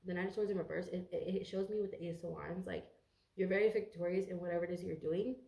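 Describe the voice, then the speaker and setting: A woman's voice: fairly low pitch, steady tone, fast, vocal fry, mellow, roomy sound. A congested woman giving a casual tarot reading to camera, rambling, swearing freely and stumbling over her words. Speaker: tarot reader.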